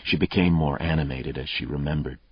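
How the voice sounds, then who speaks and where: A man narrating an audiobook in a steady, even reading voice. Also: rumbling low, fairly quick, husky, no room sound. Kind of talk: scripted narration. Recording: dull, muffled dry audio.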